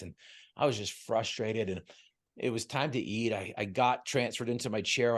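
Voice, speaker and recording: A man, a guest on an interview show, telling a personal story in an earnest, emotional way with frequent stumbles and repeated words. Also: fairly low pitch. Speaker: guest, motivational speaker. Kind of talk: heartfelt storytelling.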